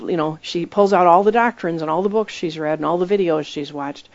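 Low-voiced woman preaching conversationally. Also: brisk, no echo, dull audio. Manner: emphatic storytelling, acts out quoted voices. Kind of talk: conversational sermon.

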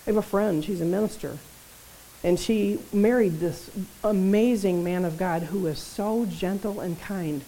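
A woman preaching a sermon in a conversational, animated way, often checking in with her listeners. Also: medium pitch, a little slow, poor audio. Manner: conversational, animated, tag questions.

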